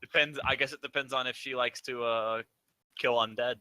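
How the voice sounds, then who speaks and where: A man's voice: medium pitch, fairly even intonation, normal speed, bright, forceful tone, clear, resonant tone, poor audio. A man playing a tabletop game with friends, talking casually and hesitantly, often searching for words. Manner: hesitant, lots of uhs and restarts. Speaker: player. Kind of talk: casual gaming chat.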